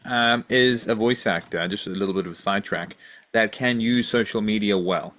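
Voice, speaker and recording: A man hosting a podcast in casual chat, easygoing and filling pauses with ums. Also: fairly low pitch, fairly bright tone. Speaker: podcast host.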